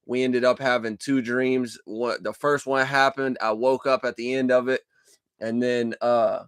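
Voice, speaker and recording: A man hosting a casual dream-journal vlog from a dark room at his computer, talking into a desk microphone in a rambling, profane way with lots of fillers and restarts. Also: mid-range voice, little pitch movement, measured pace, clean tone, no room sound, clean studio sound. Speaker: channel host.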